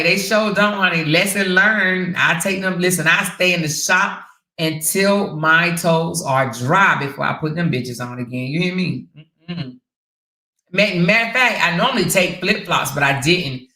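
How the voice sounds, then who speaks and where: A woman host chatting casually on a livestream, animated and sassy as she tells her stories. Her voice is gravelly with a bright, sharp edge, and the room gives it a noticeable echo. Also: on the low side. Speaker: host reading viewer comments. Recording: roomy echo.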